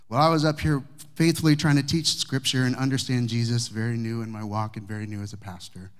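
A man preaching, a pastor telling a personal story to his congregation with humor and warmth of delivery. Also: medium pitch, fairly even intonation, fast. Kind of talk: sermon storytelling. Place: church sanctuary with congregation.

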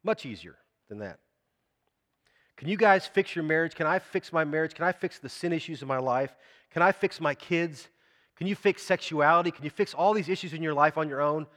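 A man's voice: a little high, fairly quick, fairly bright tone, in a large hall. A man preaching a sermon in a church, talking conversationally and asking the congregation questions. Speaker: pastor.

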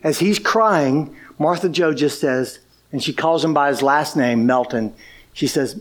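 High-voiced animated preacher man. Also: a little slow. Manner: animated, acts out quoted speech. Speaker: pastor. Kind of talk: sermon storytelling.

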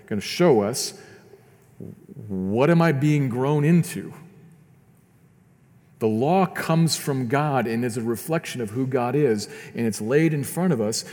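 In a large hall, a pastor preaches a sermon in a medium-pitched, darkish voice. He is earnest and often repeats words as he builds toward his points.

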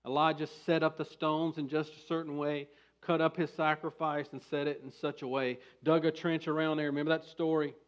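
A man preaches a sermon as pastor, his voice sitting high for a man. He moves between quiet explanation and loud, emphatic bursts. The recording sounds dull and lo-fi. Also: little pitch movement, a little fast, smooth.

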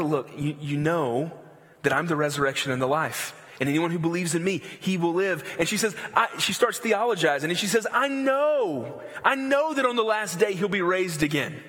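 A man preaching a sermon in a loose, animated way with slangy asides. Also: on the high side, big-room sound. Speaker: pastor.

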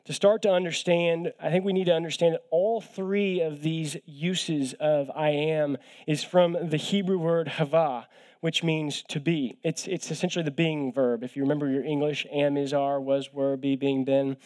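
A young man preaching as a guest speaker, his voice sitting a little higher than most men's. He keeps it conversational and easygoing, mixing gentle jokes at his own expense into the teaching and often doubling words as he goes. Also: fairly even intonation, normal speed. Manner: conversational with light self-deprecating humor, often repeats words. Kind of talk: sermon.

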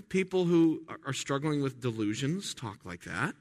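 A male pastor delivers a conversational sermon in a slightly high, animated voice at a moderate pace. He restarts often, poses rhetorical questions, and swings between quiet asides and loud, emphatic lines.

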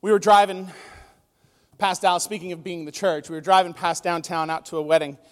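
A pastor preaching a conversational sermon, telling stories with emotion. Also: male voice, high-pitched, steady tone, fairly quick. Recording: long reverb of a large hall.

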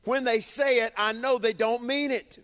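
A man preaching as a bishop, with emphatic call-and-response phrasing and drawn-out lines. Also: very high-pitched, steady tone, fairly bright tone, clear, resonant tone, in a large hall. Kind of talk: sermon. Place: church sanctuary with congregation.

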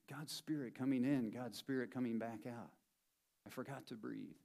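A man's voice: medium pitch, steady tone, moderate pace, gravelly, dark tone. A man preaching a sermon as a pastor in a church, conversational and playful, driving points home by repeating them. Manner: conversational and playful, with emphatic repetition.

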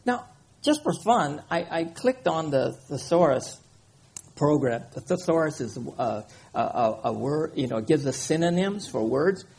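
A man's voice: on the high side, expressive, a little slow, gravelly, darkish tone, breathy edge. A man preaching a conversational sermon, reading scripture and often checking in with his listeners. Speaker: pastor.

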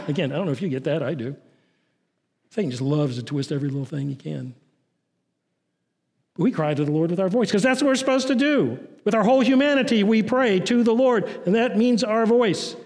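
A man preaching a sermon as pastor, swinging from raised, urgent lines to low, quiet ones. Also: fairly quick, long pauses, long reverb tail. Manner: preaching with rising and falling intensity, dropping low and soft on key lines.

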